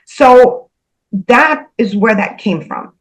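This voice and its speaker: A woman earnestly recounting a spiritual experience, halting and repeating herself, emotional as she goes. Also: on the high side, animated, poor audio. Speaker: spiritual channel host. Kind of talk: personal spiritual storytelling.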